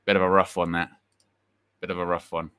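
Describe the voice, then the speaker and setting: A man's voice: deep voice, little pitch movement, brisk, pushed and bright, clean tone, no room sound, clean studio sound. A man co-hosting a casual fan podcast, rambling and wry, often repeating himself.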